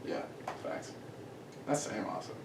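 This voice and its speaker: A young man co-hosting a podcast, chatting casually with friends and laughing often. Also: measured pace. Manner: laughing, loose, jokey banter. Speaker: podcast co-host. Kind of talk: casual chat among friends. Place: room in a shared house. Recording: echoey room, mic at a distance, faint hiss.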